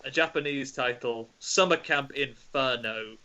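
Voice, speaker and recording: A man with a bright, forceful voice hosts a horror quiz podcast, reading clues with playful teasing. The sound is dull and lo-fi, like home podcast audio. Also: medium pitch, unhurried. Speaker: quizmaster.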